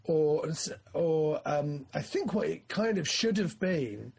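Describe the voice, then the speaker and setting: Man, husky and a touch high-pitched; loose, rambling film chat with bursts of excitement. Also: slow pace. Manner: rambling, animated, acts out his excitement. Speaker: film discussion co-host. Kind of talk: casual chat.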